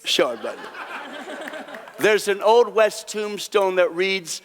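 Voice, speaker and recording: A man with a fairly high voice spins folksy tales while working cards live on a theater stage. He chuckles at his own punchlines, and his words ring out with the long reverb of a big hall. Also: very animated, slow pace, pauses often. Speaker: stage card magician. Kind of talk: live stage storytelling with card tricks. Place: theater stage before an audience.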